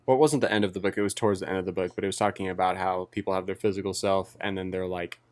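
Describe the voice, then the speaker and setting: Laid-back low-voiced man, podcast co-host. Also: steady tone, racing, dry recording. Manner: laid-back, short agreeing replies. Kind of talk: casual chat.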